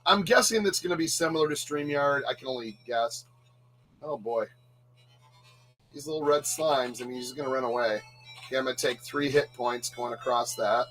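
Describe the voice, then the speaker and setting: Bright-voiced jokey male game streamer. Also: mid-range voice, moderate pace, faint music behind, rough recording. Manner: jokey, self-mocking, laughs often. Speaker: livestream host playing retro games. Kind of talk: casual gaming chat with commentary.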